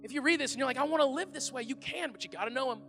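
Animated pastor with a bright, high voice. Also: male voice, racing, gravelly. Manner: animated and conversational, shouting at times. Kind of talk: sermon. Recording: echoey hall with faint music.

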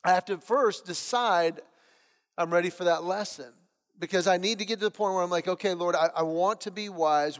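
A middle-aged man preaching a sermon, telling stories in an animated way and acting out the voices of others. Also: high-pitched, brisk. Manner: storytelling, animated, acts out voices in anecdotes. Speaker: pastor. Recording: long hall reverb.

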